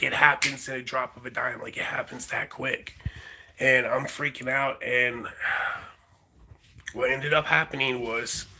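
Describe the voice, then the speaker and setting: A man's voice: mid-range voice, bright, forceful tone, slight background noise, low-quality recording. A young man telling a long rambling story in a casual vlog, full of fillers and repeated words. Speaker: vlogger.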